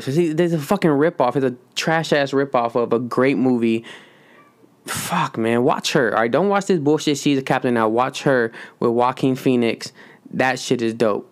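A man's voice: medium pitch, clear, resonant tone. A man chatting loosely and profanely about movies in slangy, rambling talk. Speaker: solo vlogger. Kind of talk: casual movie chat.

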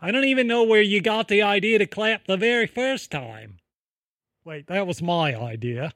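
A man's voice: high-pitched, animated, moderate pace, fairly bright tone, dry recording, clean studio sound. A man playing a bossy Australian podcast host in an improvised comedy sketch, scolding his co-host, with a put-on Australian accent. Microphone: close studio mic.

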